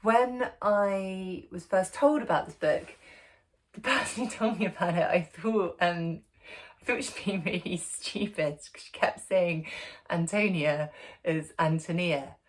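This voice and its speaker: A woman's voice: mid-range voice, a little slow. A woman hosting a book club, talking casually to camera from home with many ums, restarts and chatty asides. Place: at home, sitting in a dog's bed.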